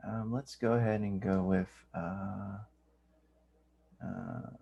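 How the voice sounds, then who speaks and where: Man, deep gravelly voice, ceremony host, polite, hesitant. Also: a little slow, muffled recording. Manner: polite, hesitant, apologetic about names. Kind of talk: introducing speakers at a virtual ceremony.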